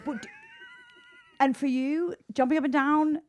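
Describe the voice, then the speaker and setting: A woman's voice: high-pitched, unhurried, muffled recording. A woman co-presenting a podcast, bantering in a blunt, playful way. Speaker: podcast correspondent. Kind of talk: casual podcast chat.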